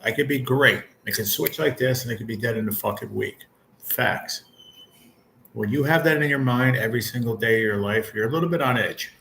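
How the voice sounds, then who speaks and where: A man's voice: lowish voice, gravelly, bright, forceful tone, slight background noise. A man in his forties chatting casually with his livestream viewers, venting bluntly and swearing often. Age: 40s. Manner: talks straight to viewers and chat. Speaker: channel host.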